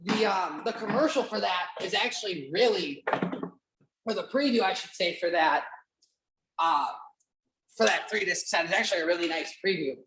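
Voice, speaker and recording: A woman's voice: lowish voice, normal speed, long pauses, fairly bright tone, slight background noise. Woman podcast host, rambly, lots of ums, swears casually, echoey room. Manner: rambling, many fillers and restarts, casual swearing. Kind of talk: casual chat, watch-along podcast. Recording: roomy echo.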